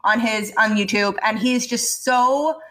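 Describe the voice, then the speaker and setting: A woman co-hosting a podcast in casual chat, animated and swearing as she rants and laughs. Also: on the high side, a little slow. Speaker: podcast co-host.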